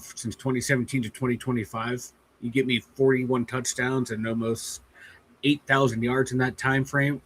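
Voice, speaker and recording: A man's voice: mid-range voice, a bit bright, a little hiss or hum, poor audio. A man co-hosting a live sports podcast, giving blunt, casual opinions with some swearing. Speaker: podcast co-host.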